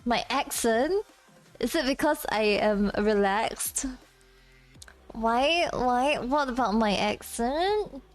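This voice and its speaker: Young woman, streamer chat, giggly, self-conscious, bright higher voice, unhurried. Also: lively intonation, faint music behind.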